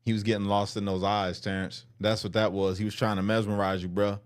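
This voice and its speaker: A man's voice: fairly low pitch, little pitch movement, a little fast, clean tone, faint music behind. A man hosting a show, reacting to a clip in blunt, slangy casual commentary.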